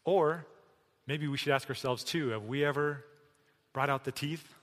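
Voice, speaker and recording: A middle-aged man preaching a sermon, emphatic, swinging between loud declarations and hushed pleading. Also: fairly high pitch, moderate pace. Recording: long hall reverb.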